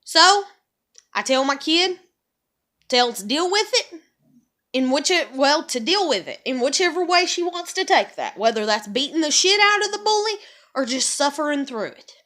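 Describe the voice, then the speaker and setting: A woman's voice: high voice, very animated, normal speed, a bit bright. A woman, venting in an angry, profane confessional rant to camera. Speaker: vlogger.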